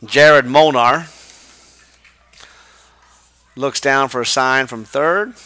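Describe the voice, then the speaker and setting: A man calling a high school baseball game play by play from the press box, brisk and chatty. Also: bright, forceful tone, dry recording. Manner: brisk, chatty, laughs with partner. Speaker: play-by-play announcer. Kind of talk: live baseball play-by-play commentary.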